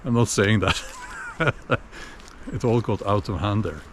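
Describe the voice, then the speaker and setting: Slow, musing man talking while walking outdoors. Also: on the low side, fairly bright tone, a little hiss or hum. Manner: unhurried, musing, many fillers and restarts. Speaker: video blogger. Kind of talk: casual opinion monologue.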